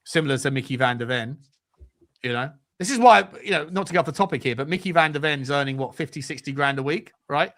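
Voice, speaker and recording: A man hosting a casual football podcast, talking in animated bursts of banter and often repeating words. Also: fairly high pitch, quick pace. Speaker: podcast host.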